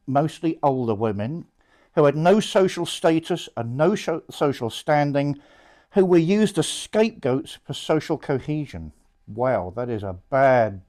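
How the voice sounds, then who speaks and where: A man's voice: on the high side, darkish tone. A man, a priest, gives an informal public talk to a small audience, conversational and blunt, full of rhetorical questions and asides.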